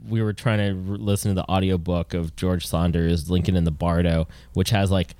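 An easygoing male podcast co-host who rambles a little in casual chat. His voice is low and smooth, and it is resonant. The recording is dry and close. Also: flat delivery, a little fast, mellow, no echo.

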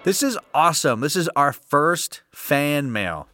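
A man's voice: on the high side, sing-song, measured pace, pushed and bright, no room sound, clean studio sound, soft background music. A man hosting a podcast on his own, talking casually in an upbeat, jokey way with loose fillers. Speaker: podcast host. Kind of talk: casual solo podcast talk.

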